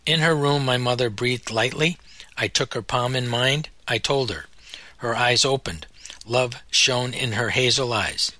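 Bright-voiced man narrating a solemn memoir. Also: medium pitch. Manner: measured, solemn, deliberate phrasing. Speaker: audiobook narrator.

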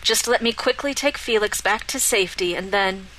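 A woman's voice: mid-range voice, moderate pace, fairly bright tone, a little hiss or hum, natural voice, rough recording. A woman voicing a commanding, possessive queen. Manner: commanding, brooks no challenge.

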